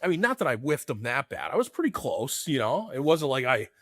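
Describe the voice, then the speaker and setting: Medium-pitched and sing-song, a man co-hosting a podcast talks briskly with a fairly bright tone in clean studio sound with no room ambience. His casual chat is loose and full of laughter, and he calls people "man" and "brother."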